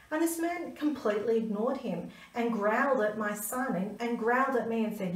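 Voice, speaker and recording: A woman's voice: fairly high pitch, moderate pace. A woman, a stress management coach telling a personal story to camera in an earnest, emphatic way. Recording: roomy, mic at a distance.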